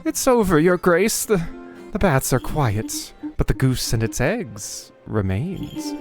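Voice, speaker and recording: A man voicing an unhinged man possessed by a goose, who speaks in slow, eerie, rambling prophecies. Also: on the high side, huge pitch swings, music in the background, pitched above the performer's own voice, heavily acted.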